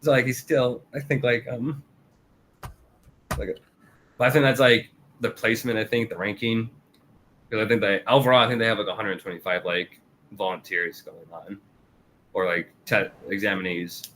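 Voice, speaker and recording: A man's voice: fairly even intonation, moderate pace, pauses often, fairly bright tone, slight background noise. A man co-hosting a casual review chat, often laughing and acting out character lines. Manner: laughs often, acts out character quotes with raised pitch. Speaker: podcast co-host.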